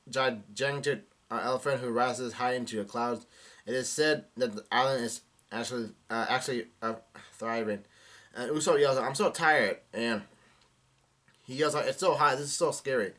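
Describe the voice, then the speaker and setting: A man's voice: medium pitch, bright, forceful tone. A young man doing a casual live reaction to a manga chapter, reading the dialogue aloud with many fillers and restarts.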